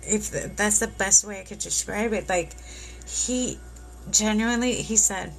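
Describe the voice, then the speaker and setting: A woman giving a live tarot reading, speaking slowly and reassuringly at an unhurried pace. She sounds tearful and moved. Faint music plays underneath her voice. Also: medium pitch, gravelly. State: tearing up. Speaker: tarot reader.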